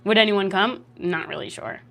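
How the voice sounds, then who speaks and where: A young adult woman livestreaming at home into a desk mic, chatting casually and reacting to chat comments in a lively, jokey way. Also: moderate pace, vocal fry. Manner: lively, jokey, reacts to chat with laughs and big pitch jumps. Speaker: streamer.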